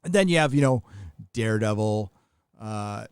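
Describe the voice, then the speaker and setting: A man's voice: fairly low pitch, lively intonation, moderate pace, a little mellow, clean tone, dry recording. A middle-aged man from the United States hosting a live stream, talking bluntly and profanely in rambling casual commentary with many restarts.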